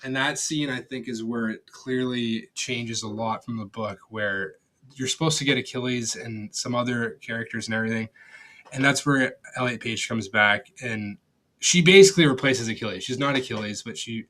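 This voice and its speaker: A man's voice: medium pitch, moderate pace, fairly bright tone. A young man giving a casual, rambling film review, blunt and profane, with lots of fillers and restarts. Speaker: movie reviewer.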